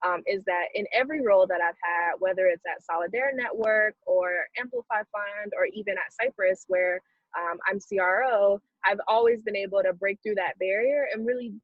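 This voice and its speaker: A thoughtful, measured woman from South Carolina, with a Southern US accent and a middling pitch, gives an earnest conversational interview as a philanthropy guest, pausing on soft fillers. She is heard over a video call, and the sound is dry, a little dull, lo-fi, and free of echo.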